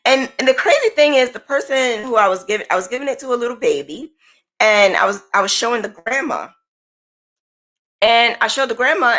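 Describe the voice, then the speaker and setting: A woman's voice: fairly high pitch, lively intonation, moderate pace, fairly bright tone. A woman crochet vlogger chatting casually and candidly, swearing now and then and acting out the people she quotes. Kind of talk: casual chat.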